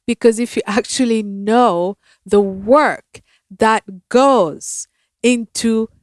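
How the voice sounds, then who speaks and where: Slow, measured woman guest. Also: on the high side, no room sound, clean studio sound. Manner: measured, affirming. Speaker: guest, shaman and physician. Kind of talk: spiritual conversation.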